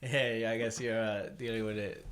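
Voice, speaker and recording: A man's voice: lowish voice, level tone, moderate pace, a bit bright. A man hosting a podcast, chiming in with short, laid-back remarks and agreement. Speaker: podcast host. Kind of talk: casual podcast conversation.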